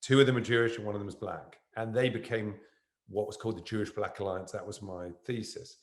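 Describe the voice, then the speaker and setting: A man's voice: fairly low pitch, brisk, echoey room. A man, an actor as guest, telling a rambling anecdote on stage that jumps around. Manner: animated, jumps around in the story. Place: university event room.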